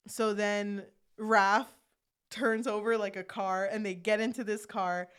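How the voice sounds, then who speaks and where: A woman's voice: medium pitch, unhurried, clear, resonant tone. A young woman co-hosting a podcast, chatting casually as she retells a movie plot and acts out the characters' lines. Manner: animated, acts out character lines while recapping. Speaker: podcast co-host.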